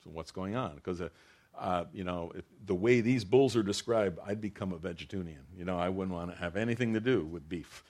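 A man's voice: low voice, fairly quick, darkish tone. A man preaching a sermon as a pastor, earnest, often restarting his phrases and rising into emphatic bursts.

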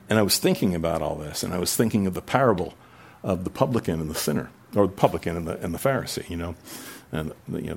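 A male pastor preaching a sermon, rambling and conversational at times and building to emphatic, raised delivery at others. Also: low voice.

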